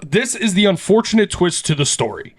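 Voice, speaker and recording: Animated man telling a legend, slightly high. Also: a little fast. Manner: animated, swears, laughs often. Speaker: podcast host. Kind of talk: casual storytelling chat.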